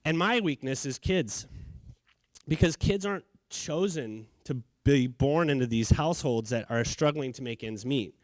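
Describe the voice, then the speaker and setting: A middle-aged man from California telling his story in a casual, animated way, acting out what people said. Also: mid-range voice, unhurried, dry recording. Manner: casual, animated, acts out quotes. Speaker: charity founder, speaker. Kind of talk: storytelling talk.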